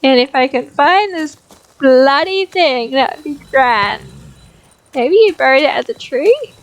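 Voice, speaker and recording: A woman live-streaming a video game, chatting casually in a soft-spoken way and cooing fondly at her dogs. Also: sits high, expressive, unhurried, poor audio.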